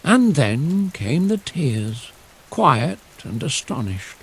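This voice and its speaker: A man narrating a bedtime fairy tale in a slow, soothing, lyrical way. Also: medium pitch, breathy edge, rough recording. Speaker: storyteller. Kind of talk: scripted bedtime story narration. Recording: steady rain sounds behind. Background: rain.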